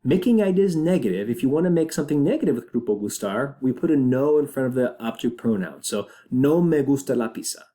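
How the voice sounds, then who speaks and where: Animated male teacher explaining grammar. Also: mid-range voice. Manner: explains step by step with frequent check-in questions; switches into slow, deliberate Spanish example phrases. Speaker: Spanish teacher. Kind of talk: recorded classroom grammar lesson.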